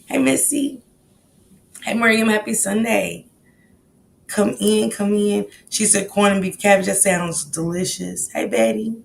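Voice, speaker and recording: A woman with a gravelly, fry-heavy voice hosting a relaxed livestream chat. She talks easily and greets viewers by name one after another, over a faint low rumble. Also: a little slow. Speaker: livestream host.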